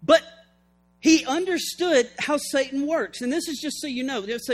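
A man's voice: extremely high pitch, normal speed. A man preaching a sermon with fervor, reading scripture and acting out its scenes. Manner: fervent, acts out scripture scenes.

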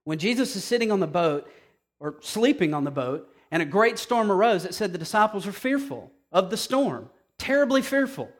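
A man with a notably high voice preaches in an animated, conversational way. He keeps checking in with his listeners by asking "okay?". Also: normal speed. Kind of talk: sermon.

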